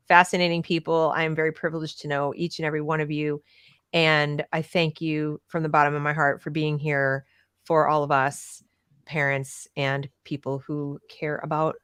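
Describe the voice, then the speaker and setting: A woman hosting a panel discussion, effusive and chatty, thanking her guests warmly. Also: deep voice, no room sound, clean studio sound. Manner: warm, effusive, chatty with fillers. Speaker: host.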